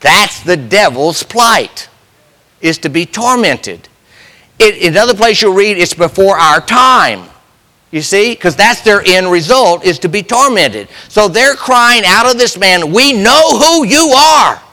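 A man's voice: high voice, lively intonation, measured pace, bright, forceful tone. A man preaching a sermon with passion, putting rhetorical questions to the congregation. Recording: long hall reverb.

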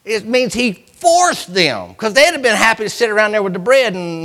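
A man preaching a sermon in a church, swinging from loud cries to hushed lines. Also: sits high, big pitch swings, moderate pace, big-room sound.

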